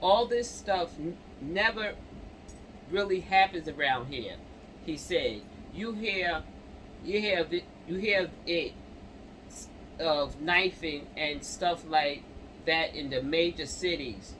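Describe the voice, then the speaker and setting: Man reading news with halting stumbles. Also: fairly high pitch, fairly bright tone, slight background noise, low-quality recording. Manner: reads haltingly with stumbles and restarts, breaks off to comment to viewers. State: coughing and clearing throat. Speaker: channel host reading and reacting to news. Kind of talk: news reading with casual commentary.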